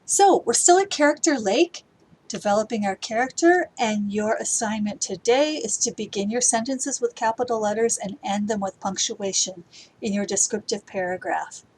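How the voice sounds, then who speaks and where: A woman speaks at normal speed with a medium-pitched, darkish voice, captured in a low-quality recording with slight background noise. Teaching middle schoolers to write, she edits while explaining each step, now and then reading example sentences with acted emotion for a recorded grammar lesson.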